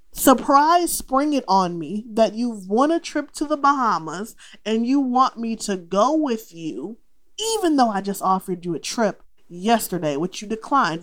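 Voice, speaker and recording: A young adult woman with a fairly high voice talks through a movie on her podcast. Her delivery is loose and animated, and she swears freely as she jumps into the characters' lines to make her point. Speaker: podcast host. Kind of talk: casual movie recap podcast.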